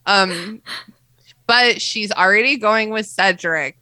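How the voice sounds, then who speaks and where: A woman co-hosting a podcast, chatting through a book chapter with lots of giggles and "like"s. Her voice is bright and forceful. The recording is dry and close. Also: mid-range voice, takes it slowly, no echo. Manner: giggly, animated, summarizing with many "like"s. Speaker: podcast co-host. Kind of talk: casual chat recapping a book.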